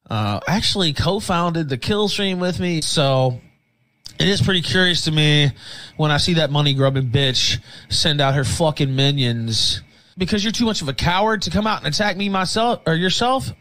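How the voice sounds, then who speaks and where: A man's voice: on the high side, bright, forceful tone, rough recording. Furious, ranting male streamer. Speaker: streamer in played clips. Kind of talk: angry rant.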